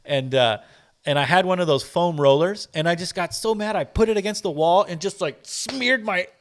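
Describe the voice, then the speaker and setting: A man with a slightly higher voice tells a story as a podcast guest. He talks casually and loosely, swearing now and then. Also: moderate pace. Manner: loose, profane, acts out scenes with quoted voices.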